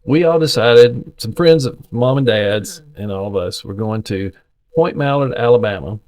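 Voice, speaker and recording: A man's voice: mid-range voice, moderate pace. Folksy man spinning stories. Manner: folksy, animated storyteller. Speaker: podcast co-host. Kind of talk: casual chat.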